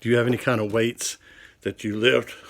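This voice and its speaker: A man's voice: medium pitch, a bit bright. An older man teaching a children's class, talking cheerfully to kids and cracking corny jokes from his home office. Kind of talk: children's show talk.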